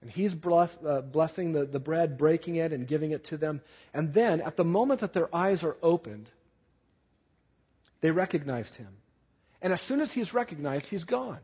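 A man's voice: on the high side, expressive, normal speed, warm tone, husky. A pastor preaching a sermon in an earnest, emphatic way and often putting questions to his listeners. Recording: dull lo-fi audio with long hall reverb.

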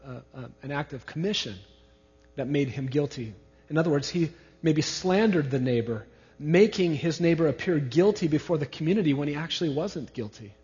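A man's voice: fairly high pitch, a little mellow. A male pastor preaching an expository sermon, who stresses his main points by repeating key words. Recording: reverberant hall, dull lo-fi sound.

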